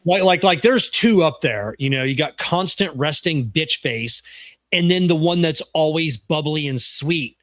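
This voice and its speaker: A man co-hosting a casual podcast, telling a story in a rambling, halting way. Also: fairly high pitch, expressive, a bit bright, no room sound. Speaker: podcast co-host. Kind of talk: casual chat.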